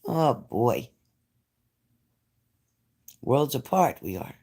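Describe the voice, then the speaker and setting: A man's voice: medium pitch, sing-song, very slow, creaky, darkish tone, slightly rough. Chatty New man on a livestream. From New Jersey. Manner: chatty, reads out and answers viewer comments. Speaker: livestream host. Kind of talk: casual livestream chat with viewers.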